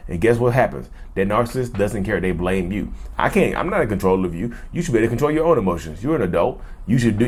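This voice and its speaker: A man hosting his own channel, talking casually and animatedly to viewers, often repeating himself. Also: medium pitch. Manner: animated, repetitive, addresses viewers as y'all. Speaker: host. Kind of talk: casual talk to camera.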